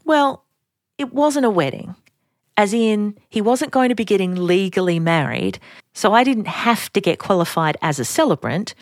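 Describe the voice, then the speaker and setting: A woman's voice: medium pitch, lively intonation, normal speed, no room sound, studio quality. A middle-aged woman with an Australian accent, hosting a podcast and telling personal stories in a chatty, self-deprecating way. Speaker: podcast host. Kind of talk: personal storytelling.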